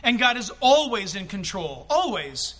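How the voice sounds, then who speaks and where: A male pastor delivering an animated, conversational sermon in a church, with quick asides to the congregation. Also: high voice.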